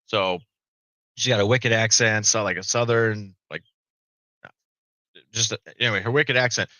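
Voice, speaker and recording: A man's voice: on the low side, fairly even intonation, normal speed, bright, forceful tone, no room sound, poor audio. A middle-aged man, a podcast guest, telling a story in a casual way, swearing freely and tagging lines with "right?".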